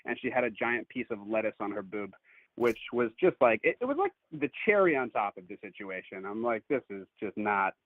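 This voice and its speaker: A man's voice: medium pitch, brisk, dry recording. Man telling a story over the phone. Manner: animated, acts out quotes. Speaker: caller. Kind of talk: casual storytelling. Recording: tinny phone line.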